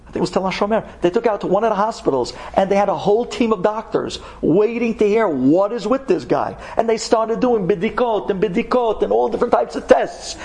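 A man telling a dramatic story, swinging from hushed tones to loud outbursts. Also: high-pitched, fairly quick, gravelly, few pauses, breathy edge. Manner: animated, shifting from hushed to shouted.

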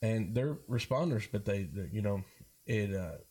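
A man talks as a guest in a relaxed interview, his voice low and mellow. He stops and restarts often and fills the gaps with "uh" and "you know.". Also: breathy edge. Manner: halting, many fillers and restarts. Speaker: guest, board member of a first-responder charity ride. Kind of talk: casual interview talk.

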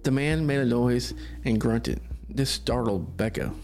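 Guy reading a creepy story out loud, steady pace, faint music behind. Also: medium pitch, a little slow. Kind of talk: podcast story narration.

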